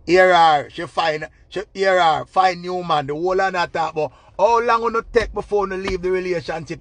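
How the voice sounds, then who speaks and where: A man with a Jamaican accent in a loud, profane, repetitive rant giving relationship advice. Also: high voice, moderate pace, few pauses, no room sound. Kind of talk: ranting monologue.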